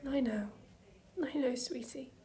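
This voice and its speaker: A woman doing a hushed, sobbing young father. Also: high-pitched, unhurried. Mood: tender. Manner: hushed, whispered apologies. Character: apologetic young man, tender, sobbing father.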